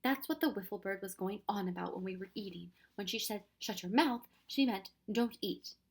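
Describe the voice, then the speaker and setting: A woman's voice: medium pitch, normal speed, creaky, slightly rough. A woman voicing a kindly, fussy older male professor in a storybook reading, with old-fashioned exclamations. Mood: weary.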